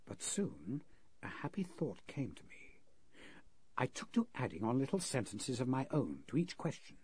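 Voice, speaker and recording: A man's voice: on the low side, a little mellow, husky, no echo. A man playing an earnest male interpreter narrating a frightening ordeal in a 1930s radio drama. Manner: earnest, vivid storytelling.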